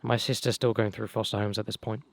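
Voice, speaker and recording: A young man tells his own life story casually, rambling and swearing, with many fillers and restarts, his voice going hoarse. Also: lowish voice, flat delivery, fast. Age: young adult. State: losing his voice. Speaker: vlogger.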